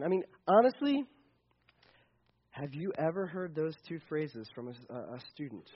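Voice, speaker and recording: A man's voice: fairly high pitch, animated, fairly quick, slightly rough. A man preaching a casual, joking sermon to a young audience, with many restarts. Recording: dull lo-fi recording.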